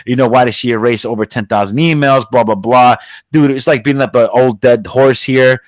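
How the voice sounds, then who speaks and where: A man's voice: medium pitch, steady tone, a little fast, no echo. A man hosting his own podcast, ranting bluntly and swaggering with heavy swearing. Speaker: podcast host. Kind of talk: profane casual rant.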